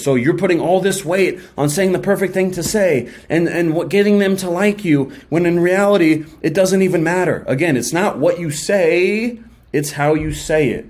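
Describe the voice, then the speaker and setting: A young man talks straight to his viewers in a casual, slangy motivational style. His voice sits a little high and he keeps the energy up. He often slips into quick imagined back-and-forth exchanges to make his point. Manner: energetic, slangy, acts out quick mock dialogues. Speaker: self-help video host. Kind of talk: casual motivational talk to camera.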